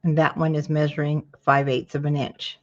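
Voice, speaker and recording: A woman hosting a casual paper-craft tutorial, her voice sitting on the lower side. She chats with viewers by name as she measures and trims. The recording is dull and lo-fi. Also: little pitch movement, normal speed, a little hiss or hum. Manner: chatty, greets viewers by name mid-task.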